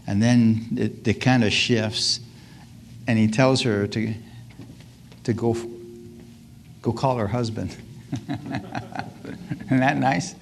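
A man's voice: mid-range voice, takes it slowly, gravelly, pauses often, a little hiss or hum. A man preaching a sermon to a congregation, often calling out hallelujah and amen, asking his listeners questions and laughing as he goes. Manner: call-and-response asides, frequent hallelujahs and laughs; acts out scripture scenes in lively voices.

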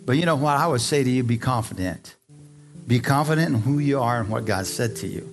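A man preaches in a storytelling way and keeps turning to the congregation with questions. His voice sits at a middle pitch, and he reads scripture between the stories. A faint guitar plays behind him. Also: lively intonation, a little fast. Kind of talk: sermon with scripture reading.

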